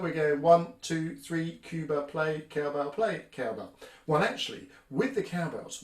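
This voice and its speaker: A man hosting a percussion workshop, upbeat and explaining the instruments step by step. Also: fairly high pitch. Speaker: workshop host. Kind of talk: music workshop teaching. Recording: roomy echo.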